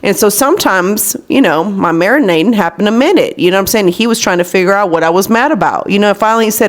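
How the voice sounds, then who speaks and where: A woman in her thirties hosts a podcast, talking fast at a medium pitch with hardly any pauses. In casual chat she tells candid stories and acts out the people she quotes.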